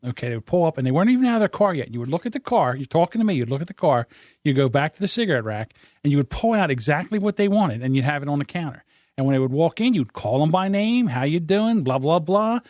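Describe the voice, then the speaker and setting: A man's voice: fairly high pitch, very animated, darkish tone, no room sound, clean studio sound. A man co-hosting a podcast in casual chat, teasing his friend and praising him. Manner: quick, teasing, hurries the storyteller along. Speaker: podcast co-host.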